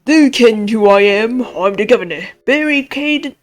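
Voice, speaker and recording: A woman voicing a gruff, hostile middle-aged male prison governor. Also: fairly high pitch, animated, moderate pace, lightly acted. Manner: hostile, loud, blustering.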